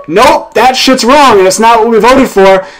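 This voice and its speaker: High-voiced outspoken American man. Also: normal speed, fairly bright tone, faint music behind, poor audio. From United States. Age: young adult. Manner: outspoken and sarcastic, swears freely. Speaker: host. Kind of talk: casual political chat.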